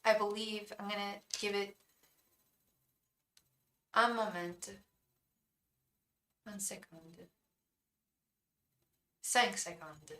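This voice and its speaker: A woman's voice: mid-range voice, steady tone, very slow, long pauses, a bit bright, roomy sound. A woman hosting a live tarot stream, chatting effusively with viewers, greeting them by name and stopping to restart her sentences. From England. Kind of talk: casual live-stream chat.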